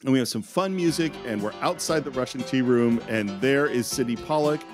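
A man's voice: medium pitch, a little fast, music in the background. A man hosting a casual film podcast, enthusiastically retelling scenes and laughing often. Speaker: podcast host.

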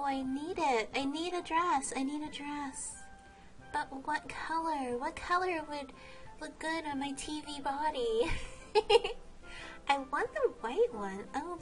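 A woman's voice: high-pitched, animated, slow, faint music behind. A woman vlogging while she plays, chatting casually, laughing and exclaiming often. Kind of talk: casual game vlog commentary.

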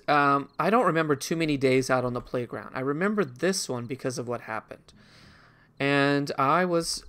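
A gaming channel host with a fairly high, fairly bright male voice rambles through a reflective childhood story in casual conversation. He keeps restarting and breaking off to comment on the video game he's playing.

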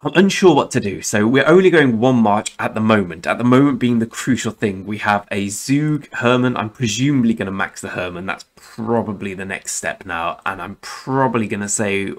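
A young man runs a gaming channel, chatting casually and rambling through his commentary on the game. His voice is fairly low and his pace moderate, with hardly any pauses, and he keeps correcting himself and swears now and then.

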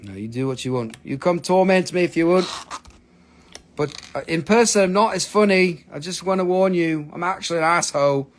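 A man's voice: on the high side, expressive, fairly quick. Swearing, joking man selling rocks live. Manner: joking, blunt, swears freely, non-native phrasing. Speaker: live-stream seller of minerals. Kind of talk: casual live sales stream.

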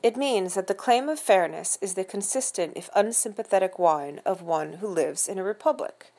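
A woman puts on a haughty, stiff-backed butler from a children's storybook, who lays out each ornate phrase slowly and precisely. His voice sits at a middling pitch, and he keeps an unbending, formal politeness. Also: expressive, a little mellow. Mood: stiffly formal. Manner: formal, measured, slow and precise diction. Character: stiff, pompous middle-aged male English-style butler.

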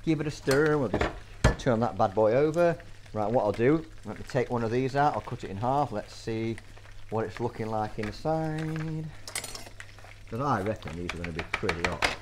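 A man's voice: medium pitch, expressive, normal speed, background noise. A man hosting a casual cooking demonstration, chatty and instructive, bantering with his guest. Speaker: cookery show host. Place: school kitchen.

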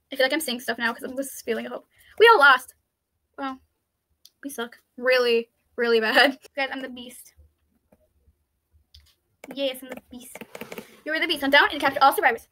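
A woman giving excitable, chatty gameplay commentary, thinking aloud and pleading loudly when things go wrong. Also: high voice. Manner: thinks aloud, with frequent "let's see" and "I don't understand". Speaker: YouTuber playing an online game.

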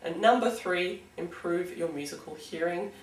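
A woman's voice: on the low side, moderate pace, reverberant, distant mic, slight background noise, low-quality recording. An Australian woman giving a casual singing lesson, chatty and encouraging, with frequent "um"s. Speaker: singing teacher.

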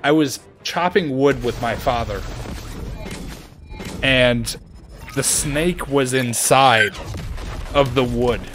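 A man streaming a game and chatting casually, ranting in an animated way and jumping to high exclaims. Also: takes it slowly, long pauses, over music. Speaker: gaming streamer. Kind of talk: casual chat while playing a game.

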